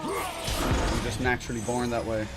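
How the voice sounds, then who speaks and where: A man's voice: mid-range voice, huge pitch swings, measured pace. A man streaming a game live, ranting in exasperation and swearing at his chat. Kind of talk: live let's play commentary. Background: game music.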